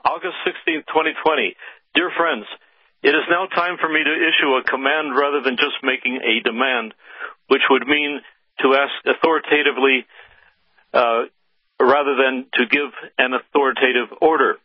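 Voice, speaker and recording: A man reading a letter aloud on a radio show in a measured, formal way with occasional hesitations. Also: medium pitch, steady tone, no room sound, highs cut off.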